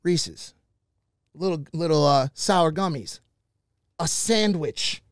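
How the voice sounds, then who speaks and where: Brief: male podcast host, higher voice, dry close sound, lively storyteller who swears a lot. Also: slow pace, smooth, no room sound. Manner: animated, swears a lot, acts out quotes. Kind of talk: animated storytelling, casual chat.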